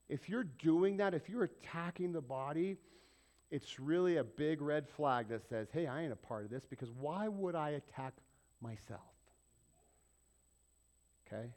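This sermon comes from a middle-aged male pastor whose pitch sits fairly high. Speaking conversationally, he peppers listeners with rhetorical questions and plays out small back-and-forth exchanges.

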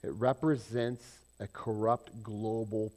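A man preaching a sermon, asking his congregation questions and swinging between loud emphasis and soft asides. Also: lowish voice, fairly even intonation, takes it slowly. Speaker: pastor.

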